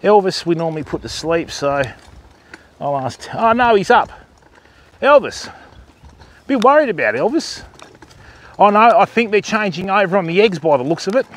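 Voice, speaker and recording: A man's voice: high-pitched, big pitch swings, moderate pace, pauses often. A man hosting a casual outdoor livestream at a wildlife park, coaxing the animals in a sing-song voice.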